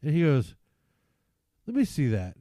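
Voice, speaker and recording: A man's voice: medium pitch, wildly swooping pitch, a little slow, mellow, no echo. A man in his forties, a podcast co-host telling crude stories in casual chat, laughing often. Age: 40s.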